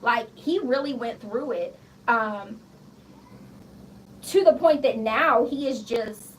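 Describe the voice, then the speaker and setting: High-pitched woman ranting bluntly, swears a lot, sits back from the mic, faint hiss behind. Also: slow pace. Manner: blunt, profane, animated storytelling. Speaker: radio show guest. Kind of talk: casual interview chat. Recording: slightly distant mic with faint background noise.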